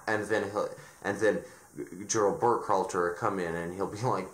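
Sarcastic male reviewer, low-pitched, exasperated rant, roomy echo. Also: moderate pace, a bit bright. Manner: exasperated, sarcastic, frequent restarts. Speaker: video reviewer. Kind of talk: ranting commentary.

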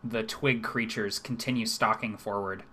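A man's voice: lowish voice, fairly even intonation, normal speed, sharp tone, a little hiss or hum. A young man running a tabletop game as game master, narrating scenes descriptively and stumbling over fillers and repeated words.

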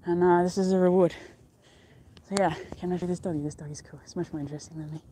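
A young woman streams live from a mountain summit, chatting loosely and cheerfully in a slightly low voice. She rambles from thought to thought and laughs often, recorded outdoors on a handheld phone. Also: fairly even intonation, fast talker, dark tone, a little hiss or hum. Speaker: outdoor vlogger. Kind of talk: casual live-stream chat.

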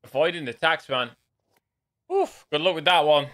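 A man's voice: fairly high pitch, moderate pace, a bit bright. A young man chatting casually and rambling with jokey asides while live-streaming a shooter game.

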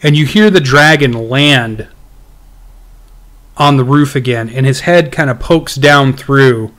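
Dm guy narrating his tabletop game, lots of ums and restarts, average pitch. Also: slow pace, fairly bright tone. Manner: hesitant, many ums and restarts. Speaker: game master.

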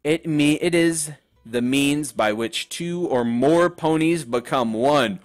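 Posh dramatic female pony, voiced by a man: refined, theatrical, lifted pitch, unhurried. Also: soft background music. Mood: haughty. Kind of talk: reading game dialogue aloud.

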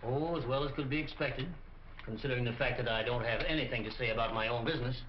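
A man's voice: mid-range voice, steady tone, fast, slight background noise, lightly acted. An actor playing a worried, stern store owner and father, in 1940s film acting. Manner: stern, anxious, forceful when angry. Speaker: businessman. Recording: dull old film soundtrack.

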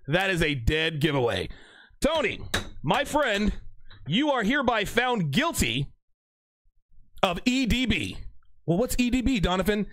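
A young man hosting a livestream, reading out chat messages with animated, joking banter and mock courtroom lines. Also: high-pitched, moderate pace, long pauses, no echo.

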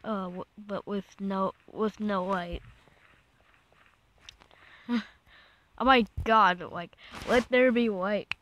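A woman's voice: medium pitch, fairly even intonation, extremely slow, long pauses, a bit bright, muffled recording. A woman giving casual gameplay commentary, easily startled and exclaiming in fright, rambling and restarting her sentences. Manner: jumpy, keeps exclaiming in fright. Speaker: gaming channel host.

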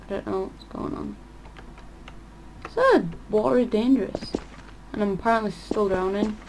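A woman's voice: mid-range voice, normal speed. A woman giving casual gameplay commentary for her channel, thinking aloud and often trailing off mid-sentence. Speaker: gaming channel host. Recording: audible background noise.

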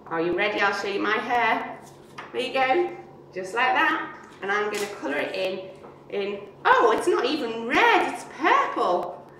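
A woman leading a craft demonstration for young children, chatty and playful as she asks them questions. She sits well back from the mic in a very echoey space, and her voice is slightly high. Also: very animated, a little slow, fairly bright tone, slight background noise. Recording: very echoey and distant.

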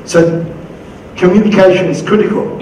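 A middle-aged Australian man giving an energetic motivational conference talk, acting out quoted voices as he goes. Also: high-pitched, moderate pace, slight background noise. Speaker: conference keynote speaker. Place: conference hall. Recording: very echoey hall from far off.

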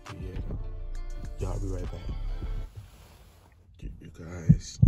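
A young man vlogging a prank, nervous and excitable, drifting from mumbled asides to loud outbursts. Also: low voice, takes it slowly, pauses often. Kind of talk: casual vlog narration. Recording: loud music behind the voice.

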